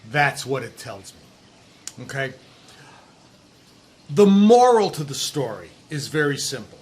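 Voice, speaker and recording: A middle-aged man giving sales coaching to camera outdoors, talking emphatically with drawn-out stresses and dropping low at times. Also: big pitch swings, a little mellow. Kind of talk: direct-to-camera coaching talk. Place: outdoors in a breezy warm place. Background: wind noise.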